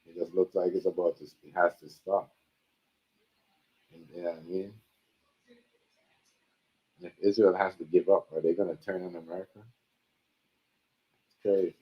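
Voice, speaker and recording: A man's voice: low-pitched, little pitch movement, moderate pace, pauses often. A man hosting a livestream, talking current events in casual slang with emphatic repetition. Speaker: livestream host. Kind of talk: casual commentary chat. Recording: dull lo-fi stream audio.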